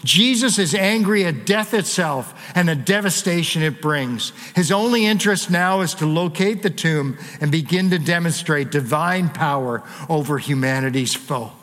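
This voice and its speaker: A man preaching a sermon in a fairly high voice, his words ringing with long reverb through a church hall. He builds to emphatic points and slips in light jokes along the way. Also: lively intonation, moderate pace, hardly any pauses, a bit bright. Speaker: pastor.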